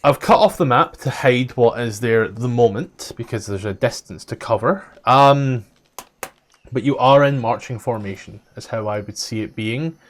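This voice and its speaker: A man's voice: medium pitch, normal speed. A man serving as dungeon master, narrating a tabletop game and explaining the scene plainly. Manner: explains things plainly, with occasional fillers.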